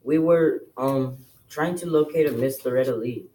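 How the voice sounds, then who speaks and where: A man's voice: mid-range voice, moderate pace, dark tone, lightly acted, rough recording. A man reading a novel aloud and voicing a nervous, overly formal boy genius. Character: anxious small boy genius, formal speech.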